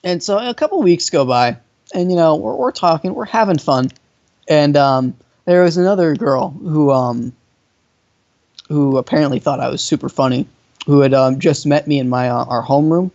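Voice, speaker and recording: A man's voice: on the high side, moderate pace. Young male co-host, swears freely and laughs a lot, on a dull lo-fi recording. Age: young adult. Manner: animated, laughing, profane storyteller. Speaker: podcast co-host. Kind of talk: casual storytelling chat. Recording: dull lo-fi audio.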